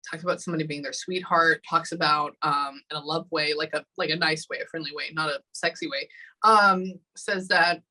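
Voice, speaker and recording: A woman's voice: low-pitched, fairly even intonation, pushed and bright, rough recording. A woman working as a psychic medium during a live reading session, often stopping to say hold on and um. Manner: halting, often pausing with hold on and um.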